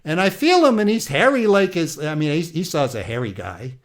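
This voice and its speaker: A man's voice: a little high, big pitch swings, brisk. A man playing the aging patriarch Isaac, an aggrieved older man telling his story with a Yiddish-inflected accent and old-world exclamations. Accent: Yiddish-inflected English. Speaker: interviewee. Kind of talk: comedic improvised interview.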